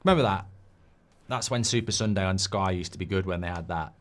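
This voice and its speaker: A man's voice: low voice, brisk. A man hosting a live football watchalong, chatting in a rambling way and reading out viewer comments. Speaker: host.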